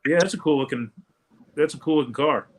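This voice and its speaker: Man, quick talker, casual live stream chat, animated storytelling. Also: on the high side. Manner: fast storyteller, car talk.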